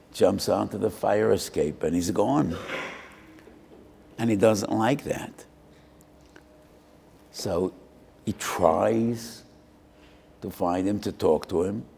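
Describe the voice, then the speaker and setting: In a roomy hall with long reverb, an older male rabbi delivers a sermon-style Torah lecture. He voices both parties in a parable laced with Hebrew phrases, speaking in a lowish, gravelly, mellow, husky voice.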